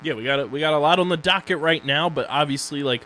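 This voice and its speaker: A man's voice: a little high, quick pace, sharp tone, a little hiss or hum. A young man co-hosting a casual podcast about streaming shows, joking loosely as he runs through social plugs and sponsor reads. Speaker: podcast co-host.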